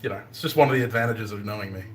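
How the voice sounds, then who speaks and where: A man with an Australian accent, a bladesmith chatting casually on a live stream, joking and punning and laughing often. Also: on the low side. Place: workshop forge. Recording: roomy echoey workshop.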